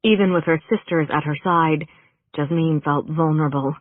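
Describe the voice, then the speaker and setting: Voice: mid-range voice, steady tone, moderate pace, no room sound. Narrator with wry, dry storytelling. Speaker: audiobook narrator. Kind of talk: scripted narration. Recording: narrow phone-like band, dry.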